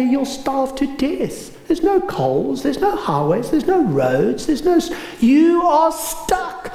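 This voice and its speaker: A man preaching a sermon. He tells a story with dramatic swings between raised and hushed delivery. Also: high voice. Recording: roomy echo.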